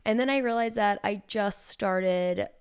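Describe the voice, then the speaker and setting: A woman's voice: mid-range voice, measured pace, clear, resonant tone. A woman in her thirties co-hosting a podcast, chatting casually and expressively. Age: 30s. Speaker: podcast co-host. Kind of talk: casual chat.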